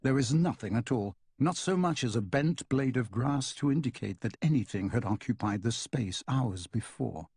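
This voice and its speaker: A man reading a novel aloud in a calm, measured narration. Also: medium pitch, breathy edge, no room sound, studio quality. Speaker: audiobook narrator. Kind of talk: scripted narration.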